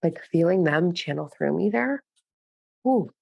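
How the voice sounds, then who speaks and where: A woman who works as a spiritual channeler, delivering slow, pausing messages and then chatting casually with many "like" fillers. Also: on the low side, animated, creaky, dry recording, dull audio. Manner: frequent filler "like" in chat.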